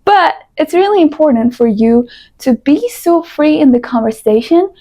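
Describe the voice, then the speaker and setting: High-voiced young woman giving chatty advice. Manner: animated, coaching, playful asides. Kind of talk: casual advice talk to camera.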